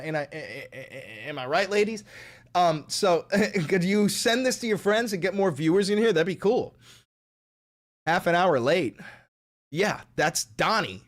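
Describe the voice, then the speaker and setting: A man hosting a casual livestream, reading viewer comments and joking and swearing between bits of silly voices. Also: fairly high pitch. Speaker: livestream host.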